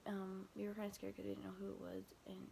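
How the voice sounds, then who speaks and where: A young vlogger tells a casual storytime about a frightening night, rambling, stuffing in fillers, restarting often and quoting texts nonstop with "I was like" and "he's like." She talks fast in a flat, gravelly voice with fry, a faint ambient hiss behind her.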